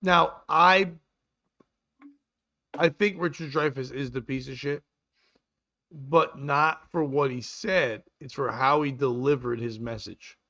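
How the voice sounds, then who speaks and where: A man's voice: medium pitch, slow pace, pauses often, sharp tone. A man hosting a comedy podcast, ranting in a rambling, profane way. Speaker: podcast host. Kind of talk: casual comedic chat. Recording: dull lo-fi sound.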